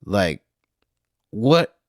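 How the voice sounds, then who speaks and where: A man's voice: lowish voice, sing-song, drawn-out words, no echo, clean studio sound. A man from New Orleans hosting a podcast, rambling through a casual solo monologue with wry, profane asides. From New Orleans, Louisiana. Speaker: podcast host.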